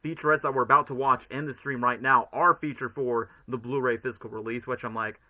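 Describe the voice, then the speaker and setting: A young man from Florida chatting casually and excitably to his livestream chat, rambling from one thought to the next. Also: mid-range voice, a little fast, hardly any pauses. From Florida, United States. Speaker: streamer.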